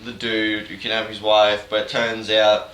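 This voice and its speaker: A YouTuber jokingly recaps a video game story, rambling along in an irreverent, offhand way. His voice sits on the low side, with a sharp tone, moderate pace, and completely flat delivery. The mic is distant, so the sound is roomy and off-mic with a faint hiss.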